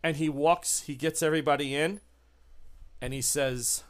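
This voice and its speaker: A man running a tabletop horror game as game master, narrating scenes in an unhurried, descriptive way. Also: on the high side, steady tone. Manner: unhurried, descriptive, laughs with players.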